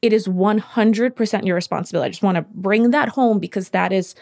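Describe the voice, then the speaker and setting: A woman guest on a podcast explaining her coaching approach, steady and emphatic, repeating her key points to drive them home. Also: medium pitch, fast talker. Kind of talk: explaining in conversation.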